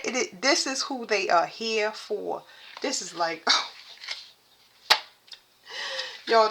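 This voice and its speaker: Woman, gravelly voice, bright edge, lowish pitch, casual reading aloud to viewers. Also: slight background noise. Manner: chatty, talks to viewers as "y'all", reads text aloud haltingly. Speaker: spiritual reader addressing viewers.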